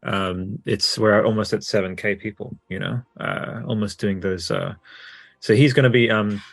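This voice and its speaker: A man's voice: lowish voice, steady tone, moderate pace, gravelly, slightly rough, dry recording, studio quality. A man with an Australian accent, co-hosting a podcast in a casual, rambling and enthusiastic way with many fillers. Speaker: podcast co-host. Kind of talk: casual chat.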